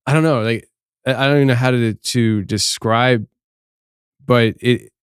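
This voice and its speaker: Smooth-voiced man hosting an interview. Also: medium pitch, fairly even intonation, unhurried, no room sound, clean studio sound. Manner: rambling, many fillers and restarts. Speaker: podcast host. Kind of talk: casual interview.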